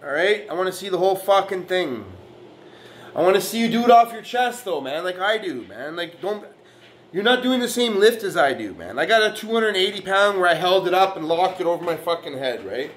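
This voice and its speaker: Sitting high with big pitch swings, the man's bright voice moves fairly quickly, and a little hiss or hum can be heard. He's a fitness vlogger in a profane reaction rant, boasting, trash-talking rivals, and arguing with constant use of "man" and "right."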